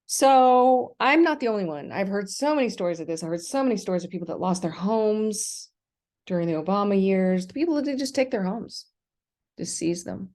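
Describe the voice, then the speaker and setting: A woman's voice: medium pitch, expressive, a little fast, a little mellow. A middle-aged American woman delivering a rambling, indignant vlog rant, full of ums and restarts. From United States. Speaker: vlogger. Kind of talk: ranting livestream monologue.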